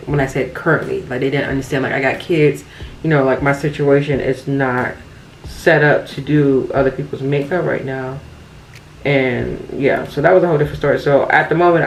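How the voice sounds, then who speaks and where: A young woman vlogging casually while doing her makeup, telling a story in a chatty, animated way with laughs and asides. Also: deep voice, low-quality recording. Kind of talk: casual get-ready-with-me storytime.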